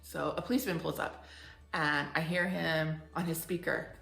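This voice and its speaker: A woman in her forties telling a story in a casual, animated way and acting out the people she quotes. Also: low-pitched, moderate pace, gravelly, roomy sound, faint music behind. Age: 40s. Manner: animated, acts out quoted voices. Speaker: furniture flipping vlogger.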